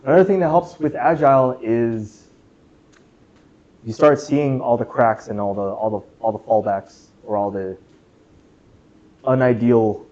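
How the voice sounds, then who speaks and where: In a lo-fi recording, a young man with a mid-range, darkish voice talks at a measured pace with long pauses. He's giving a jokey, chatty club lecture in a classroom, asking students questions and saying "right?" a lot.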